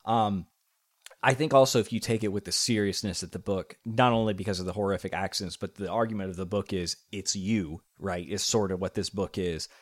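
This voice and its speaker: Man, low-pitched, earnest podcast co-host, hesitant fillers, dry close recording. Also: fairly even intonation, brisk, no room sound. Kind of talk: casual podcast discussion.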